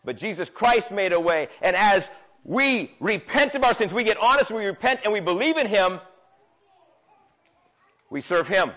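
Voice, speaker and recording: A pastor in his thirties or forties delivers an impassioned sermon, rising to loud, emphatic peaks and dropping to near-quiet asides. His voice sits fairly high for a man. The recording is dull and lo-fi, with muffled highs. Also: expressive, moderate pace, pauses often.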